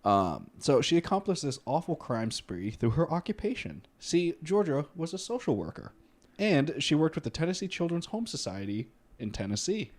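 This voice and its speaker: A man's voice: fairly high pitch, sing-song, normal speed. A young man co-hosting a podcast, casually telling a history story with frequent swearing and laughter. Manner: laid-back, swears freely, laughs often. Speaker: podcast co-host.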